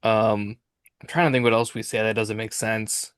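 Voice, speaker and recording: Low, flat-voiced Minnesotan podcast host. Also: male voice, moderate pace, clear, resonant tone, no echo, studio quality. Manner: joking, self-deprecating. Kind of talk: casual chat.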